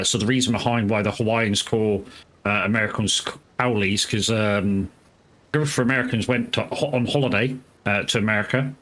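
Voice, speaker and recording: A man's voice: on the low side, fairly bright tone. Rambling man streaming a game. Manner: rambling, swears casually, greets chat viewers by name. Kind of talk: casual live gameplay commentary.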